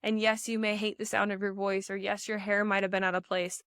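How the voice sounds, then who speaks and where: A woman's voice: mid-range voice, fairly quick, smooth, dry recording, studio quality. A young woman and pageant coach giving emphatic podcast advice, addressing listeners directly, heavily pregnant and a little out of breath. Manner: energetic, emphatic, addresses listeners as "you guys".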